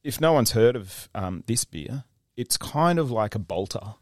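A man's voice: mid-range voice, lively intonation, unhurried, no echo, clean studio sound. Rambling man reviewing beer. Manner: swears casually, rambling. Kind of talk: casual beer review chat.

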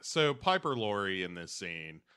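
Podcast co-host, male, lower pitch, bright tone, chatty recap style with quick impressions. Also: clear, resonant tone. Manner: animated, acts out characters in quick impressions. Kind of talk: casual chat recapping a TV episode.

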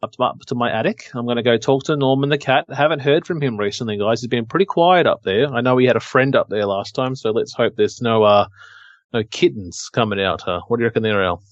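A man's voice: mid-range voice, fast talker, no room sound, lo-fi sound. A man co-hosting a podcast in casual, joking, rambling chat. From Australia. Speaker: podcast co-host.

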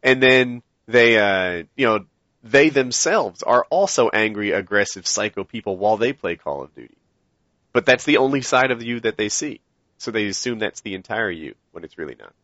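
A man co-hosting a casual podcast chat, easygoing and quick to laugh. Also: fairly low pitch, expressive, a bit bright, dry recording, highs cut off. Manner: laughs often, chatty and easygoing. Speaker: podcast co-host.

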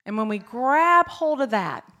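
A middle-aged woman pastor delivering a sermon at a church service, her voice sitting a touch high. She leans hard on repeated phrases, then falls soft and hushed when she turns personal. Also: expressive, a little slow. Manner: emphatic, repeats key phrases, drops to a near-whisper in personal moments.

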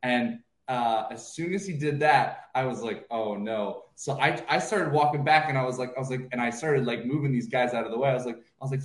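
A man's voice: medium pitch, brisk, few pauses. A man co-hosting a casual comedy chat, telling stories and acting out other people's lines. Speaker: co-host, stand-up comic. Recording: roomy echo.

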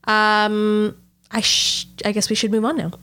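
A woman co-hosting a podcast in casual chat, chatty and quick to laugh. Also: mid-range voice, completely flat delivery, bright, forceful tone, smooth. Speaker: podcast co-host.

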